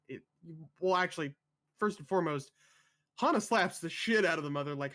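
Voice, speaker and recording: A man's voice: on the high side, animated, fairly quick, fairly bright tone. A man co-hosting a casual film discussion podcast, talking loosely with lots of swearing and frequent laughs. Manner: profane, laughs often. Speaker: podcast co-host.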